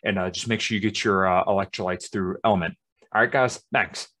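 A podcast host doing a loose, upbeat sponsor read with a few ums. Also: male voice, low voice, steady tone, a little fast, bright, forceful tone.

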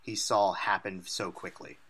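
A man's voice: low voice, flat delivery, measured pace, fairly bright tone, slightly rough. A man co-hosting a podcast in casual chat about a fight broadcast, playful and fond of joke impressions. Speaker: podcast co-host.

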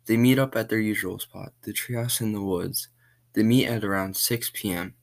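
A man reading a short spooky story aloud in a plain, unhurried way. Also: fairly low pitch, fairly even intonation, vocal fry.

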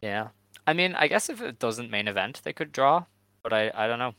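Bright-voiced male podcast host, dry mic. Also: medium pitch, fairly quick, smooth, no echo, poor audio. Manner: hedging, relaxed, filler-heavy. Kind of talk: casual chat.

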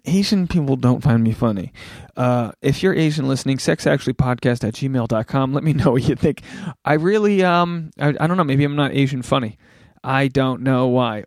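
A man's voice: mid-range voice, vocal fry, darkish tone, no room sound, studio quality. A man hosting a podcast in casual chat, rambling through self-deprecating jokes. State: out of breath. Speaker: podcast host. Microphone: home podcast mic.

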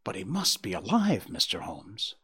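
A man's voice: deep voice, wildly swooping pitch, moderate pace, a bit bright, husky, pitched below the performer's own voice, exaggerated voice. A man voicing an anxious, earnest Victorian wife who presses for plain answers, read as an audiobook. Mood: insistent.

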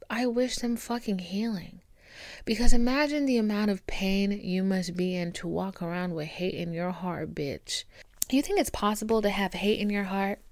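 A podcast host talks by herself at home, her dog nearby, mixing frank, profanity-laced chat with encouraging words for her audience. Captured on a camera, her medium-pitched voice carries no room sound.

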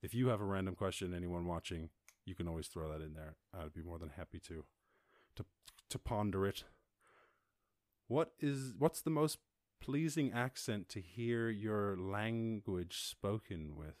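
A man from Ireland hosting a casual livestream chat, rambling, animated and laughing often as he talks. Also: deep voice, a little slow, no echo, clean studio sound. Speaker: host.

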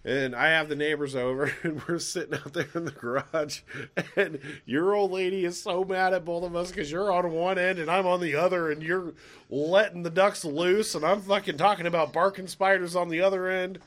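A man's voice: sits high, moderate pace. A man hosting a podcast, chatting casually and telling stories with frequent laughter. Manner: laughs often, animated storytelling. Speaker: podcast host. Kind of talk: casual chat.

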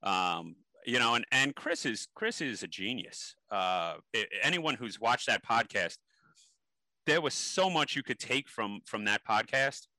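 A man's voice: medium pitch, lively intonation, measured pace, pushed and bright, dry recording, rough recording. A man being interviewed, telling stories animatedly with many ums and restarts. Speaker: interview guest. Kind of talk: casual interview storytelling.

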